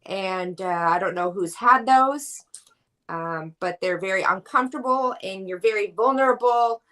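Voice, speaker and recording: A woman's voice: medium pitch, unhurried, bright, forceful tone, poor audio. A woman comedian telling a joke in a hesitant way, with many ums and uhs before she gets to the point. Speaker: comedian guest.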